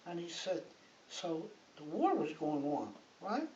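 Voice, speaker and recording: A woman's voice: lowish voice, big pitch swings, takes it slowly, warm tone, distant mic. Older woman, grandmotherly storyteller, loose and rambling delivery; muffled, hissy home recording from across an echoey room. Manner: rambling, chatty, checks in with "right?" and "like". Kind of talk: casual storytelling. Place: living room, on a sofa.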